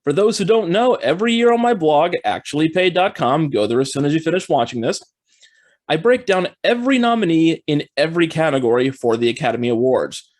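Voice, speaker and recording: An upbeat man breaks down award nominees in a scripted film review, his speaking voice sitting a little above the usual male range. He keeps an explanatory, steady delivery. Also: on the high side, fairly quick.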